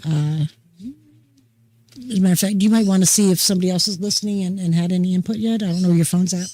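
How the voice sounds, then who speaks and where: An older woman hosting a casual talk show, chatting in a folksy, unhurried storytelling way. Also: on the low side, steady tone, warm tone, low-quality recording. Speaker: host. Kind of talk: casual chat.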